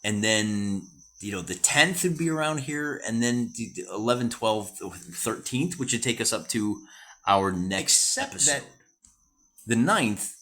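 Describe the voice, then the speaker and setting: Chatty American man with a lively voice. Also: mid-range voice, measured pace. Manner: chatty, thinking aloud, self-correcting. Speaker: solo wargame host. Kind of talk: casual narrated solo wargame session.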